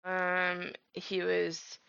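Gravelly bright young woman, lo-fi. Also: on the low side, completely flat delivery, very slow. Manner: laid-back, short replies. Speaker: podcast co-host. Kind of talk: casual chat.

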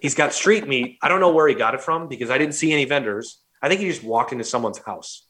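A man from St. Louis hosts a casual podcast chat at a medium pitch. He tells a rowdy story with lively energy and acts out the other people's lines. He curses freely as he goes. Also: fast talker, slightly rough. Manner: animated, swears freely, acts out quotes. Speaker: podcast host.

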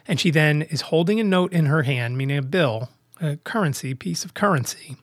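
A man with a fairly high voice tells a story on his podcast, acting out each side of the exchange with lively shifts. He has a middle-aged sound, and the recording is close and dry, with no room echo. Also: fairly quick. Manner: animated, acts out both sides of dialogue. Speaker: podcast host. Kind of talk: casual storytelling monologue.

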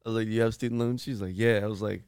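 A man telling a sheepish story on a podcast, speaking quietly and laughing between lines. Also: lowish voice, steady tone, racing, clean tone, dry recording, studio quality. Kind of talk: casual storytelling.

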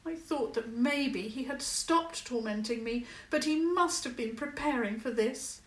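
A woman's voice: unhurried, roomy sound, distant mic, close to an everyday voice. Woman voicing a petulant Tudor girl. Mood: earnest. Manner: high, pleading, a bit petulant.

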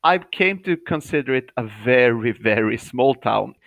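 A cheerful man, talking as a guest over a remote call. His voice sits at a medium pitch, and the sound is dry and close with no room echo. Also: expressive, unhurried, vocal fry, fairly bright tone. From Sweden. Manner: cheerful, laughs often. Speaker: professional clown, guest.

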